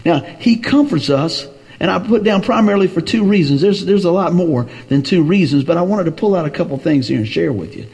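A man's voice: sits high, animated, fairly quick, creaky, a little mellow, slightly rough. A man preaching a sermon, emphatic and repetitive, punctuating his points with frequent amens.

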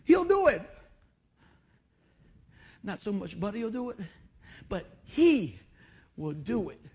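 A man's voice: sits high, sing-song, slow pace, darkish tone, husky. A middle-aged man preaching a sermon, repeating phrases and urging the congregation on. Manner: emotional, repetitive exhortation with call-and-response asides. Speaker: pastor.

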